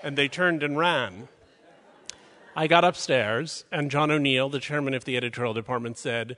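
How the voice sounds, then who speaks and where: A man's voice: medium pitch, fairly quick, sharp tone. A man telling a true story on stage in a wry, precise, self-mocking way. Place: stage in a large hall. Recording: live hall reverb.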